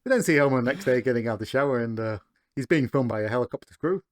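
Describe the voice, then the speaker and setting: A man's voice: medium pitch, animated, rapid-fire. A man co-hosting a podcast, recapping a cartoon episode in casual chat and chuckling between beats.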